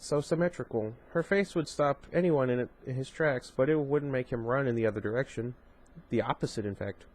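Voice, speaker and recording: A man reading a novel aloud as a vlogger, chatty, often stumbling over words and correcting himself. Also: medium pitch. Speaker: audiobook reader and vlogger.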